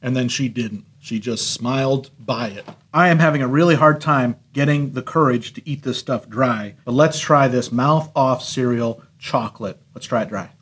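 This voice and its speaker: A man hosting a casual cereal review vlog, talking in an animated way, laughing often and playing up his disgust. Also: medium pitch, normal speed, few pauses, breathy edge.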